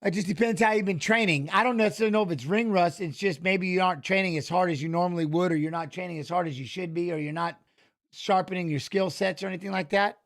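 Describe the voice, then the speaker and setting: A middle-aged man hosting a fight watch-along, talking casually in an animated, rambling way and often repeating his phrases. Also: sits high, quick pace. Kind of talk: casual live fight commentary.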